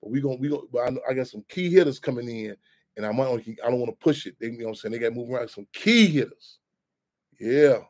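A man's voice: medium pitch, fast, a little mellow. A man hosting a community radio show, talking loosely in profane street slang that repeats itself often. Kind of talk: casual talk radio monologue.

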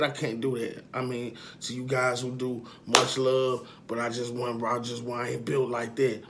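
A man vlogging to his followers in a casual monologue, emphatic and profane, repeating his points and swinging from quiet confessions to loud outbursts. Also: mid-range voice, monotone, normal speed, few pauses, a little hiss or hum.

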